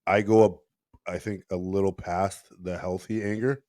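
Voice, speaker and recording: A man's voice: deep voice, little pitch movement, normal speed, darkish tone, dry recording, clean studio sound. A man hosting a podcast, telling a story bluntly with plenty of swearing in casual conversation. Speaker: podcast host.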